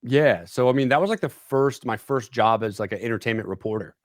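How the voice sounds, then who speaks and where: A man's voice: mid-range voice, brisk, no room sound, clean studio sound. A young man guesting on a podcast, telling a rambling story and leaning on "like" and "dude". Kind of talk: casual storytelling chat. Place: podcast studio.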